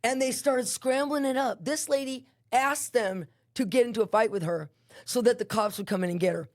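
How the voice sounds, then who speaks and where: A woman's voice: on the high side, normal speed. A woman guest animatedly telling a personal testimony, acting out scenes with voices and sound effects.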